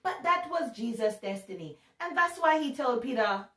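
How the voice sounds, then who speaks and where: A woman's voice: fairly high pitch, normal speed. Chatty woman teaching the Bible. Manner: chatty and animated, laughs at herself. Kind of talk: casual Bible talk. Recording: roomy sound from a distance.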